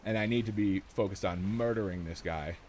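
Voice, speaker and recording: A man streaming a game live, joking excitedly with his chat and teammates as he plays. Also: lowish voice, a little fast, a little hiss or hum. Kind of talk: live gameplay commentary.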